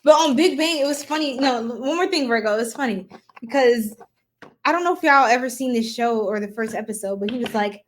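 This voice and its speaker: A woman's voice: fairly high pitch, brisk, slight background noise. Giggly chatty woman tarot reader. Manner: chatty, giggly, goofing off with viewers; casual, talks to viewers as y'all. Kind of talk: live-stream tarot reading.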